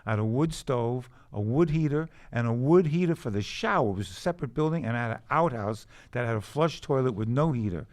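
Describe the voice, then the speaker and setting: Guy guest on a podcast telling old stories, mid-pitched, laughs a lot. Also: expressive, a little fast, hardly any pauses, darkish tone. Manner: reflective, laughs through his stories. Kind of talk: casual storytelling chat.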